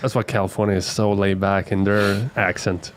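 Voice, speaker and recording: A man's voice: on the low side, little pitch movement, moderate pace. A young man in a casual podcast chat, talking bluntly and swearing freely. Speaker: podcast co-host.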